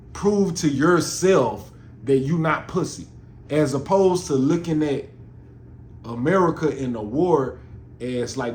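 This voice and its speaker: A mellow, mid-range male voice belongs to a podcast host delivering a casual, rambling, profane monologue. The recording is roomy, with faint noise.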